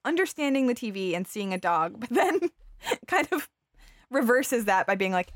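A woman co-hosting a podcast in casual chat, playful and quick to agree. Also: on the high side, big pitch swings, no echo, clean studio sound. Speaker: podcast co-host.

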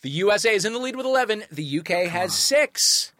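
A man's voice: sits high, expressive, a little fast, a bit bright, no room sound, clean studio sound. A man hosting a comedy quiz show, reading questions and joking with the panel, laughing often.

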